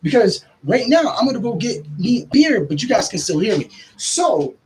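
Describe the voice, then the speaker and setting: A man hosting a podcast, ranting casually and swearing, his pitch jumping up when he gets worked up. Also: very animated, normal speed, a little mellow, a little hiss or hum, low-quality recording. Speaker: podcast host.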